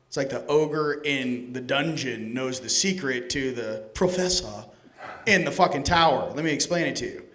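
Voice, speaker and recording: A man giving a casual, joking lecture to a live conference audience, animated and profane, addressing people directly. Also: mid-range voice, moderate pace. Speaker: conference speaker. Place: conference hall stage.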